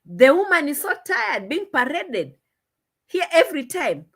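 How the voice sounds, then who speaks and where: Reacting to a clip for her commentary vlog, a woman sounds indignant and mocking, laughing at times, recorded on a desk camera. She has a high, very animated voice that is a bit bright, yet she never hurries.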